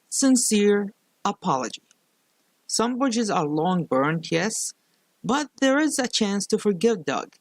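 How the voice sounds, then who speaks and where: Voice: mid-range voice, no room sound. A YouTube critic with a non-native English accent, earnestly delivering spoken commentary.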